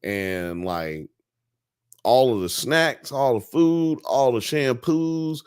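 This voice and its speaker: Animated man hosting a live show. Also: medium pitch, slow pace, clear, resonant tone, no echo, studio quality. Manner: animated, slangy, joking. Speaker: podcast host. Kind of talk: casual live-stream chat.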